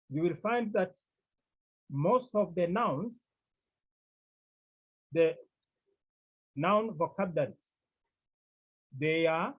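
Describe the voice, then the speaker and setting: A man teaching a Greek class, explaining slowly and repeating key phrases for his students. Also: a little high, slightly rough, poor audio. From Cameroon. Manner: slow, repetitive explaining. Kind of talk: classroom lecture.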